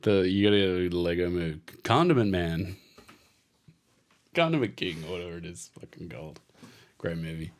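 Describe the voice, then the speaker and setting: A man's voice: deep voice, expressive, moderate pace, pauses often. A man in casual podcast chat, playful and laughing, steering the talk along. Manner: laughing, playful, wraps things up. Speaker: podcast co-host, tabletop game player.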